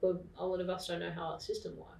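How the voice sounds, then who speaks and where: An Australian woman talks in a calm, explanatory way, her voice carrying a gravelly fry. She sits back from the microphone in a roomy space that rings around her words. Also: on the low side, quick pace. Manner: calm, explanatory, with frequent fillers. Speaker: podcast guest. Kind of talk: casual interview talk. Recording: roomy, distant mic.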